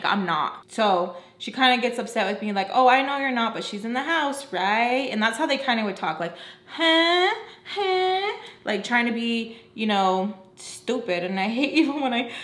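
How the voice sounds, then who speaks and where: A woman's voice: mid-range voice, fairly bright tone. A young woman vlogger telling a casual story, frank and profane, with lots of fillers. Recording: roomy echo.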